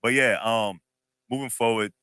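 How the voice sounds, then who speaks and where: A man co-hosting a podcast, telling a story in a loose, animated, slangy way with lots of laughs. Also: medium pitch, moderate pace, clear, resonant tone, no echo. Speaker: podcast co-host. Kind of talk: casual chat, storytelling.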